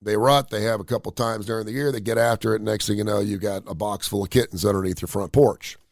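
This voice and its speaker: A man's voice: lowish voice, fast talker, creaky, no room sound, studio quality. A man hosting a live radio show, ranting bluntly with crude humor. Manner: blunt, opinionated, animated rants with crude humor. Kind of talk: casual live-stream monologue.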